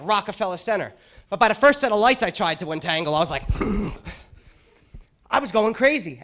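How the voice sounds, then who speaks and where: A man's voice: high-pitched, fairly bright tone, muffled recording. A male stand-up comedian on a club stage, ranting crudely and sarcastically through an exasperated set.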